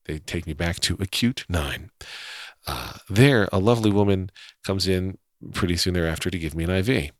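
A man's voice: deep voice, normal speed, dry recording, clean studio sound. A man casually telling a personal story in a wry, self-deprecating way, chuckling often.

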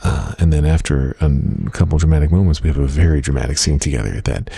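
A man's voice: very deep voice, fast talker, vocal fry, dark tone, slightly rough, no echo, clean studio sound. A middle-aged man hosting a casual solo diary podcast from his home office, rambling in a wry, self-mocking way with plenty of uh fillers. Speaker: podcast host.

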